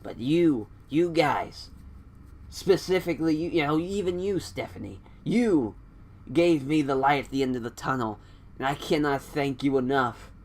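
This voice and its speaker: A man's voice: on the high side, moderate pace. A man voicing an apologetic woman fighter giving earnest, faltering thanks.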